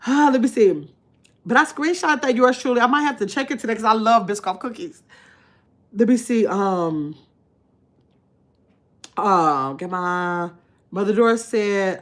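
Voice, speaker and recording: A woman hosting a casual livestream, chatting to her viewers and dropping to a low mumble while she searches her phone. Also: animated, normal speed, fairly bright tone. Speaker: livestream host.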